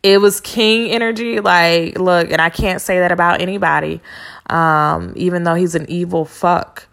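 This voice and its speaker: Low, gravelly-voiced woman telling a story. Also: little pitch movement, normal speed, fairly bright tone. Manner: candid, blunt and profane, with slangy asides. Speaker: podcast host. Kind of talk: casual storytelling monologue.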